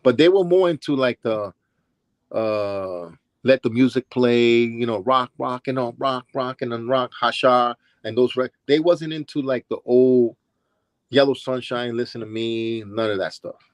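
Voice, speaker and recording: A former DJ and dancer from Brooklyn, New York, this older man tells casual stories as an interview guest, a little slowly and at medium pitch. He voices the people he quotes with changes in delivery, and the audio has no echo.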